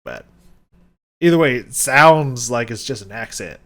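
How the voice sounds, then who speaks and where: A man hosting a music reaction, talking casually with excited, rambling enthusiasm and lots of restarts. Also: medium pitch, measured pace. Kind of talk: casual reaction and song analysis.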